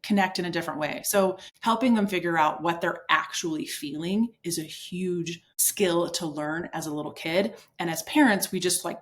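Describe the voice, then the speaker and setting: A woman sport psychologist answering interview questions in an earnest, explanatory way, acting out parents and kids in quick asides. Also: medium pitch.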